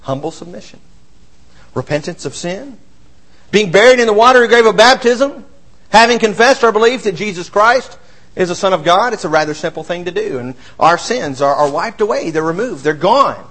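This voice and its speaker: Male preacher with a high voice, expressive sermon delivery that rises for emphasis and drops for quiet asides. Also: moderate pace, poor audio. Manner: expressive, swings between raised emphasis and quiet low asides.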